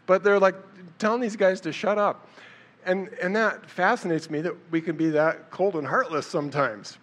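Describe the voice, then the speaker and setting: A man's voice: high-pitched, a little fast, fairly bright tone. Conversational man preaching a casual sermon. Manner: conversational, storytelling, acts out quotes with a raised voice.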